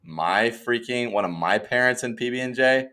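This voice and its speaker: A young man co-hosting a casual podcast, excitable and quick to mock outrage, slipping into silly voices. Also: mid-range voice. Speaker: podcast co-host. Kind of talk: casual chat.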